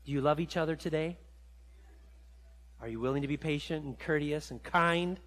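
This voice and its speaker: A male pastor with a notably high voice delivers a sermon in a church. He swings between excited, climbing storytelling and hushed, low reflection. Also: normal speed, in a large hall. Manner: animated storytelling, rising high when excited, dropping low and quiet for reflection. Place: church sanctuary.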